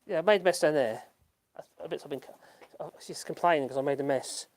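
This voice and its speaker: A man's voice: a little high, fast talker. Rambling, chuckling man on a live stream. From United Kingdom. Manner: rambling and self-deprecating, chuckles often, many restarts. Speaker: YouTube channel host. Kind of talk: casual live-stream chat reading comments. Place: at home in rural France.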